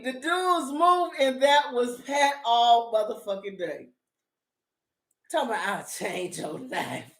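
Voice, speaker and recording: A woman's voice: high-pitched, echoey room. A middle-aged woman rants sassily and profanely about a drama, laughing as she goes. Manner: profane, sassy, laughing asides. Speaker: vlogger reviewing a drama. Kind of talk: animated casual rant.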